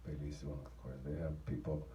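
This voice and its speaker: A man's voice: rumbling low, level tone, fairly quick, mellow, reverberant, far from the mic, a little hiss or hum, rough recording. A man, rambling through a profane travel story in a casual, offhand way. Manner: profane, rambling, laughing at his own story.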